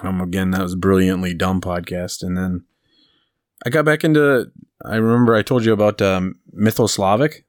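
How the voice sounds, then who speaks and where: A man's voice: low-pitched, fairly even intonation, normal speed. A man co-hosting a podcast in casual chat, rambling through stories and laughing at his own jokes. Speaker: podcast co-host.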